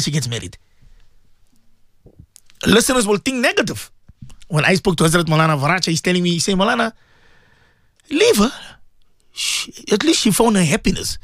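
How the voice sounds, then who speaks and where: A man, hosting a radio talk show and retelling a story in an animated, repetitive way. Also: sits high, dry recording, studio quality. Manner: animated storyteller, repeats words and restarts.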